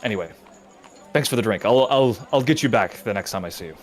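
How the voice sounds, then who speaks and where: Brief: man voicing a guarded, low-voiced half-elf trader, terse and evasive. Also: expressive, fast, close to an everyday voice. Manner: wary, brief, slightly smirking. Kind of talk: in-character tabletop role-play.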